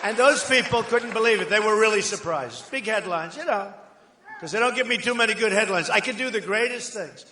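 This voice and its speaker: An older man giving a rambling, boastful campaign rally speech, conversational with sudden loud bursts. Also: high voice, fairly quick. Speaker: political candidate at a rally. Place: large outdoor rally crowd. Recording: echoey rally PA with crowd ambience.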